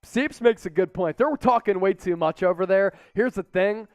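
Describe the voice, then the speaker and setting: Excitable male watch-party host with a high, smooth voice. Dry studio sound with faint music behind. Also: normal speed, dry recording. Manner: excitable, shouts chants and play-by-play calls. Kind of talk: live sports watch-party commentary.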